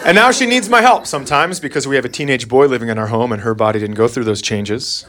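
A middle-aged man performing a stand-up set, animated and rising into loud, exasperated rants. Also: mid-range voice, fast talker. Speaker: stand-up comedian. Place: comedy club stage with a live audience. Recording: very noisy live club recording.

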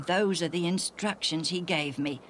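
A woman's voice: on the low side, slight background noise, close to an everyday voice. Woman doing a kindly, earnest older man. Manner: slow, earnest, gently chuckling. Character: kindly, cheerful man, healed and grateful. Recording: music playing underneath.

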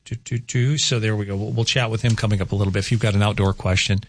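A man's voice: lowish voice, flat delivery, rapid-fire, dry recording. A man hosting casual morning radio, rambling through weather and chatty asides in a studio. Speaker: radio host. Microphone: studio microphone.

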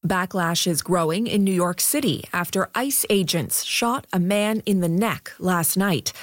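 A woman news anchor reading the headlines in a measured, formal way. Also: mid-range voice, dry recording. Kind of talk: radio newscast reading.

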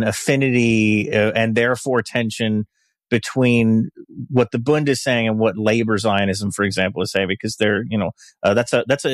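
A man's voice: mid-range voice, dry recording, clean studio sound. A man on a podcast thinking aloud, hedging his points with many fillers. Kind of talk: podcast conversation.

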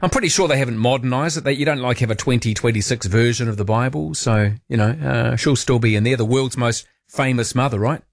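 A man's voice: medium pitch, a little fast, vocal fry, few pauses, dry recording, studio quality. A man hosting a radio call-in show, chatting playfully with callers and cracking jokes. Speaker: radio talkback host. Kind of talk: casual chat with callers. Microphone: studio microphone.

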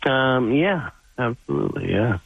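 A man from Minnesota calling in to a radio show, halting and stammering. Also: mid-range voice, sing-song, creaky, slightly rough, no room sound. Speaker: caller. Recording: tinny phone line.

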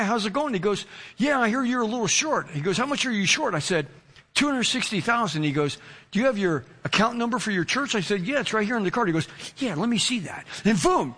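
A male pastor preaching a sermon, telling a personal story in an animated way and acting out the quoted voices. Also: high voice.

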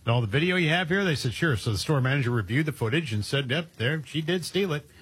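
A man's voice: on the high side, lively intonation, quick pace, a bit bright, husky. A man co-hosting a talk radio show, reading news stories and adding wry, sarcastic comments. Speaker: radio co-host.

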